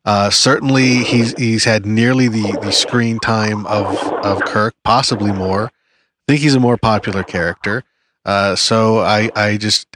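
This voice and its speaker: A man's voice: lowish voice, noisy background. A man on a panel, arguing his vote in a hesitant way with many fillers and restarts. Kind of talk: casual debate.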